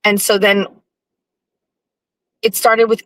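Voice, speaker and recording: A woman hosting her own show, telling a profane, animated story with sarcastic asides in a casual live-stream monologue. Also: mid-range voice, normal speed, pauses often, rough recording. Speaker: show host.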